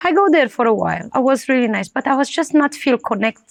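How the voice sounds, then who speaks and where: A woman's voice: on the high side, animated, very fast, gravelly. A woman from Romania, speaking earnestly in broken English as an interview guest sharing her personal testimony.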